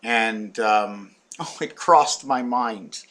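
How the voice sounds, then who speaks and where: A man's voice: fairly low pitch, extremely slow, a bit bright. A man delivering a rambling comic monologue full of wordplay, hopping from topic to topic and repeating and restarting his words.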